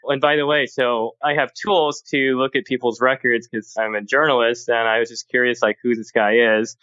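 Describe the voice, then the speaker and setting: A man talking as a podcast guest, telling stories in a casual, animated way and acting out the exchanges he quotes. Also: mid-range voice, normal speed, clean tone, no room sound, muffled recording. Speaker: guest, tech journalist. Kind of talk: casual storytelling in conversation.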